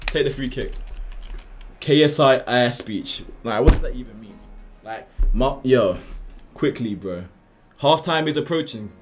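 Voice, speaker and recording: Excitable streamer. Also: male voice, a little slow, pauses often. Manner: loud, excitable trash talk, swinging into high shouts. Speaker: gaming streamer. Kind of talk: live game streaming commentary. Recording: faint music behind.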